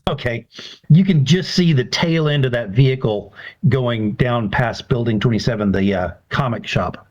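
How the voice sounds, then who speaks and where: A man running a tabletop game as game master, relaxed and encouraging with his players. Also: medium pitch, normal speed. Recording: dull lo-fi recording.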